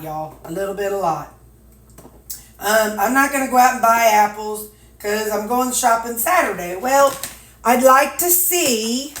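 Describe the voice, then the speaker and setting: Packing meals in her echoey home kitchen, an older woman from Missouri chats in a casual, folksy way to the viewers of her weight-loss vlog, drifting into drawling asides and talking to herself. Her voice sits on the high side with a fairly bright tone. Dishes clatter, and there's slight background noise.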